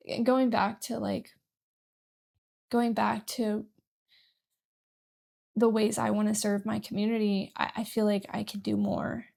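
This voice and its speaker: A woman's voice: mid-range voice, flat delivery, measured pace, creaky, long pauses, darkish tone. A woman vlogger talking candidly and emotionally to her viewers, rambling a little with restarts. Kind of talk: personal talk to camera.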